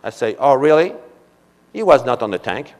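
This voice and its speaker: A man's voice: medium pitch, sing-song, moderate pace, noisy background. A man in his seventies from France, speaking with a French accent, giving a conference keynote as a string of anecdotes with many "you know" asides. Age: 70s. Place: convention hall. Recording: long reverb of a large hall.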